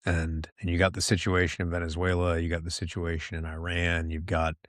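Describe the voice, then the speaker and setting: A man's voice: deep voice, monotone, fairly quick, no echo, studio quality. A middle-aged man hosting a solo podcast, talking candidly and rambling with lots of restarts. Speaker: podcast host.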